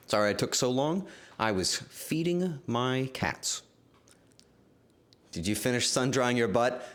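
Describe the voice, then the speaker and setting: A man streaming live, chatting with his viewers in a playful, teasing, excitable way. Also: mid-range voice, measured pace, long pauses. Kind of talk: livestream chat with viewers.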